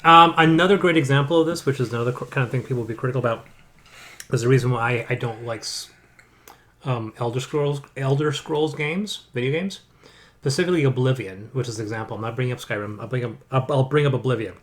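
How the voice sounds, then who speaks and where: A man talking casually as a co-host, at an ordinary middle pitch. He rambles, trips over his own starts, repeats words as he hunts for the point, and now and then slips in a sarcastic aside. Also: quick pace, fairly bright tone. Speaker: board game podcast co-host. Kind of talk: casual chat.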